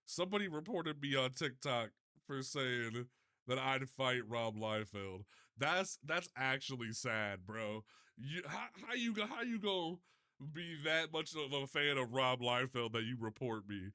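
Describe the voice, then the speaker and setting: Man, livestream host, casual chat, bright edgy tone, profane, stammering restarts. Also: medium pitch, measured pace. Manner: animated, profane, stumbling restarts.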